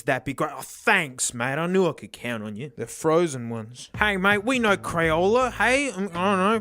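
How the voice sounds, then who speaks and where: A sarcastic young man tears through a comedic unboxing, his voice high and bright. He's animated, quick to shout and laugh, with faint music playing beneath him. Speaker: tech reviewer.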